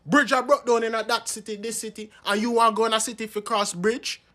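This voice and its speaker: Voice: medium pitch, steady tone, brisk, pushed and bright, lightly acted. A performer playing an overprotective Jamaican parent who sternly and dramatically forbids a trip.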